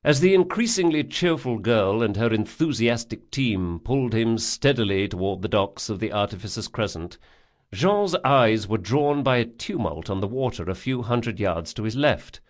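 A man narrating a fantasy audiobook in a measured, vivid storytelling manner. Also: fairly low pitch. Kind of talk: scripted narration.

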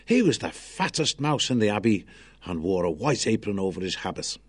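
A man narrating an audiobook in a measured storytelling manner. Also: fairly low pitch, very animated.

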